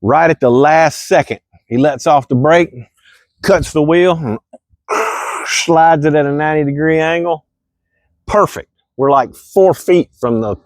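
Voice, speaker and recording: A middle-aged man, telling a true story from his childhood in a folksy, animated way with loud exclamations. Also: fairly high pitch, dry recording, studio quality. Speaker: storyteller vlogger. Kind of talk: casual storytelling.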